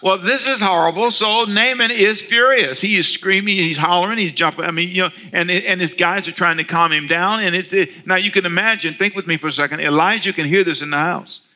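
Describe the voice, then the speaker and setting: A man preaching on the radio, telling a story with animated delivery and emphatic, repeated phrases. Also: high-pitched, brisk, hardly any pauses. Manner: animated storytelling with acted-out asides. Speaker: pastor. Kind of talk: radio sermon.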